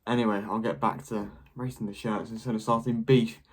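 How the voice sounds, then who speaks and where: A young man giving quick, blunt, jokey verdicts in a casual vlog, ranking football shirts as the channel host. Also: on the low side, little pitch movement, husky.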